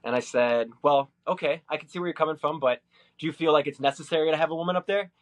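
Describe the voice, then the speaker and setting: Hesitant rambling man, fairly high voice. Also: fast. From Minnesota, USA. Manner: hesitant, many fillers and restarts. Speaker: vlogger. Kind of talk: rambling personal recounting.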